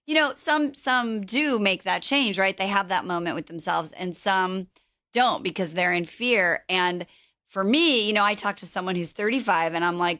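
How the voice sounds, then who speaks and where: Bright, frank chatty woman host. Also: mid-range voice, moderate pace, dry recording, studio quality. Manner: frank, chatty, swears casually, lots of fillers. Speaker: podcast host. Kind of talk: casual interview chat.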